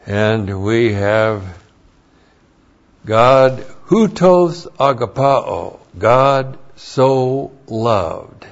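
A man's voice: mid-range voice, animated, drawn-out words, creaky. A man teaching an expository sermon, carefully explaining Greek grammar and spelling out words letter by letter. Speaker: pastor. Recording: dull lo-fi sermon recording.

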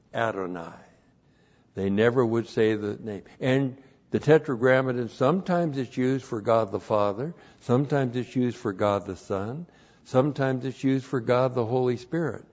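Slow, deliberate male Bible teacher. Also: medium pitch, darkish tone, lo-fi sound. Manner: slow, deliberate, emphatic on key words.

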